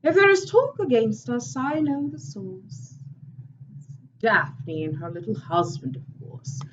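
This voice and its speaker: A woman performing a stage monologue as a scornful, sharp-tongued woman in a classic comedy, with a theatrical, mocking delivery. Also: very animated, a little slow. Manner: theatrical, mocking, swooping pitch. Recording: dull, distant recording with faint hiss.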